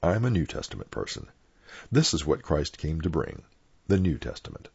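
A deep, gravelly older man tells frank, opinionated stories from his parish days, his pitch swinging widely as he goes. His voice is husky. It sits on a dull, lo-fi oral history recording. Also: big pitch swings, moderate pace, darkish tone. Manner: blunt, opinionated storyteller.

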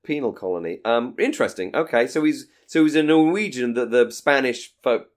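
A man's voice: medium pitch, animated, a little fast. A man from England co-hosting a podcast, chatting casually with wry jokes and playful asides. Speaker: podcast co-host. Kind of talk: casual review chat.

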